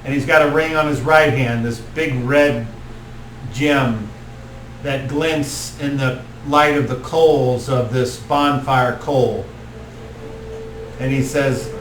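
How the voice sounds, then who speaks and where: A man narrating a tabletop game as game master in a slow, descriptive way. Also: medium pitch, fairly even intonation. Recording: echoey room, mic from far off, faint noise.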